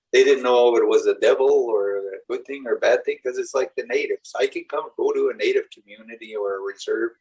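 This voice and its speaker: A man's voice: medium pitch, recorded from a distance, low-quality recording. Earnest rambling male spiritual teacher. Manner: rambling, earnest storytelling with acted-out quotes. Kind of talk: live group teaching talk.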